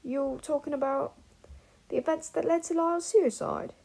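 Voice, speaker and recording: Woman voicing a teen wizard boy, posh received pronunciation put-on, steady, polite, bright pitch. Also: moderate pace, creaky, low-quality recording. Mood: controlled polite. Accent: affected English received pronunciation.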